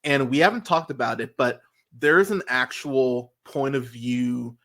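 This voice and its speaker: A man hosting a casual review podcast, talking animatedly and swearing, his voice jumping up high when he gets worked up. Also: unhurried, a bit bright. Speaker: podcast host.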